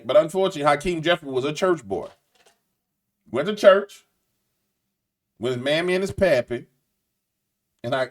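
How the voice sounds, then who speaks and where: A man giving an opinionated monologue as a political commentator, blunt and colloquial, slipping into a preacher's cadence. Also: mid-range voice. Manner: animated, slips into preacher cadence; blunt colloquial talk with repeated phrases.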